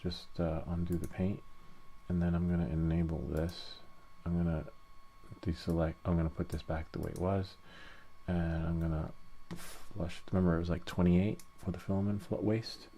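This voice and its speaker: A man with a low-sitting voice speaks at a moderate pace over a little hiss or hum. He's casually narrating a 3D printing tutorial on screen share, relaxed and thinking aloud step by step as he works.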